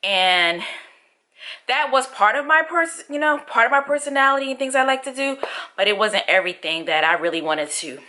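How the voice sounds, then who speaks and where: A chatty woman in her thirties talking to her viewers in a casual vlog. Her voice is bright and forward, and she laughs often as she catches them up on her life. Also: on the high side, animated, moderate pace. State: out of breath. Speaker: vlogger. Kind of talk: casual chat to camera.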